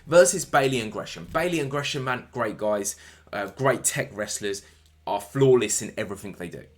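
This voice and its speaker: A man giving a casual solo wrestling show review, energetic and repetitive, talking straight to his viewers. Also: on the low side, normal speed.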